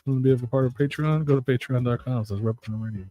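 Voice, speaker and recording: A man's voice: medium pitch, racing, mellow, no room sound. A man hosting a radio show in casual chat, laughing and swearing as he reacts.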